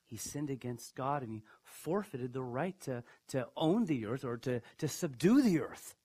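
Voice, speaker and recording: A male pastor delivering a sermon in a mid-range voice. He is emphatic and questioning, dropping to a hush and then rising loud and high. His delivery stays animated throughout. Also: moderate pace, breathy edge. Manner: emphatic, dramatic swings in pitch and loudness; asks the audience questions.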